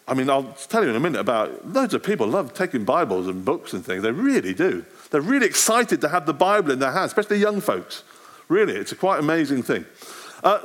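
A middle-aged man talks to a church gathering about preaching on the street. His pitch swings up and down constantly, and his delivery is animated and conversational. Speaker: street evangelist. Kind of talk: talk to a church audience.

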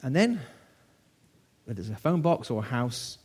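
A man's voice: medium pitch, sing-song, moderate pace, a little mellow, husky. A man in his sixties from the United Kingdom preaching a sermon to his church, telling a story in a conversational way with rhetorical questions.

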